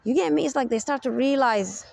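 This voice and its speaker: A woman talks straight to the listener in a loose, emphatic advice monologue and keeps checking that she is understood. Her voice sits a little high and has a gravelly, fried edge. The sound is dry and close, with no room around it. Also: fairly quick, darkish tone, dry recording. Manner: emphatic, keeps asking "you get me?". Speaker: self-help speaker.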